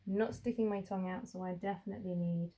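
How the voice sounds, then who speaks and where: A woman teaching young children to spell, sounding out each letter slowly and carefully. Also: mid-range voice, steady tone, warm tone. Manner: slow, drawn-out sounding out of letters. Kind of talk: phonics lesson for young children.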